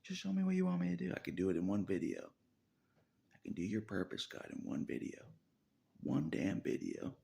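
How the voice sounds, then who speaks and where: Male solo vlogger, low raspy voice, rambling monologue with chuckles, pitch all over the place. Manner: swings from loud outbursts to low muttering with frequent laughs. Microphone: camera mic.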